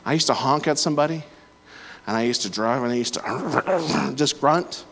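A preacher telling personal stories in a sermon, breaking into loud exclamations. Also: male voice, medium pitch, normal speed. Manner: storytelling, swings to loud exclamations. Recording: hall reverb.

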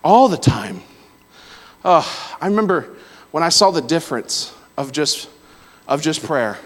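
A man's voice: fairly high pitch, very animated, a little slow. Man preaching in a reverberant hall. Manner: storytelling, swings to loud exclamations. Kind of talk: sermon with personal stories.

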